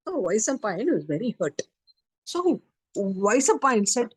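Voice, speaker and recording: A woman teaching a study circle, telling a story in a lively way and acting out the quotes. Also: fairly high pitch, a little slow, slightly rough, no echo. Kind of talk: storytelling lecture.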